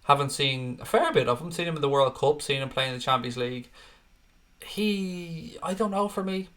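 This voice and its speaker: A man's voice: fairly high pitch, moderate pace, a bit bright. A young man hosting a casual live stream, chatting and reading out viewer comments, swearing freely. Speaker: host.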